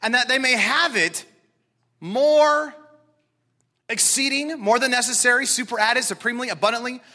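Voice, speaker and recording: Excitable pastor guy preaching, really high voice, bright and punchy. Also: fast talker. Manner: animated, emphatic preaching with repetition; excitable, talks directly to congregation. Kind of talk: sermon.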